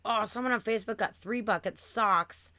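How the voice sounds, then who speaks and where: A woman's voice: mid-range voice, moderate pace, bright, forceful tone, no room sound. A young woman co-hosting a stream, telling stories in a chatty, laughing way with some swearing. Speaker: stream co-host. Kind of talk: casual chat.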